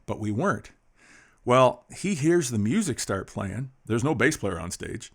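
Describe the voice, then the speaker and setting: A man's voice: medium pitch, a bit bright. A middle-aged Canadian man hosting a song-request show, chatting casually and telling rambling, folksy stories with lots of fillers. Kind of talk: casual chat between songs.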